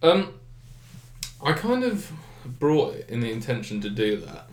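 A young man chatting casually about games, rambling with lots of fillers and clear enthusiasm. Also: medium pitch, very animated, a little slow. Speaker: gaming podcast co-host. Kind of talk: casual chat. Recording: echoey room.

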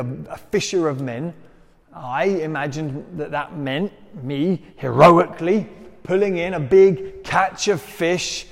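A man's voice: a little high, long reverb tail. A man delivering a conversational sermon, telling stories with self-deprecating humour. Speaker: preacher.

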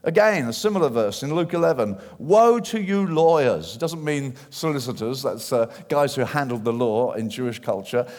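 A man preaching a sermon in church, animated and acting out the voices of people he quotes. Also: medium pitch, a little fast, few pauses. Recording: long hall reverb.

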